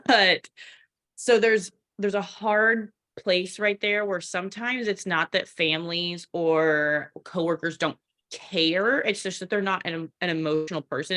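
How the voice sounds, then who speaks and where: A blunt woman coach gives casual advice in a bright, forceful voice. She is animated and self-deprecating. Her voice sits slightly low. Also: a little slow. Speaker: workshop co-host and coach. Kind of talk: casual advice in a virtual workshop.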